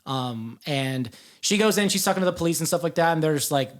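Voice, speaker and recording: A man's voice: fairly high pitch, expressive, fairly quick. A young man on a podcast telling a story in a rambling, casual way, full of fillers and swearing. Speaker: podcast guest.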